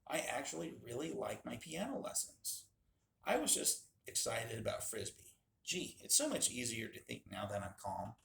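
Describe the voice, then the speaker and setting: A man voicing an excitable little girl in a storybook reading, in an echoey room. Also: mid-range voice, normal speed, vocal fry, slight background noise, heavily acted. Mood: eager.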